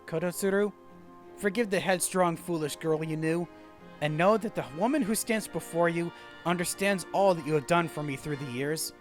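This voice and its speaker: A man's voice: fairly high pitch, normal speed, soft background music, close to an everyday voice. A man reading the lines of an earnest young woman geiko in a video game, formal and heartfelt.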